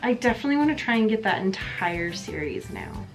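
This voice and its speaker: A woman vlogging as she opens gifts, gushing and excited, near tears, with a chatty manner full of fillers. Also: mid-range voice, brisk, soft background music. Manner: gushing, excited, breathy gasps, many fillers. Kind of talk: casual vlog chat.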